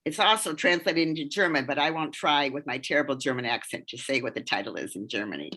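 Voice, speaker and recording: A woman's voice: very deep voice, quick pace, pushed and bright, husky. A woman from the American Midwest introducing herself on a podcast, wry and self-deprecating. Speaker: podcast co-host, theater project founder.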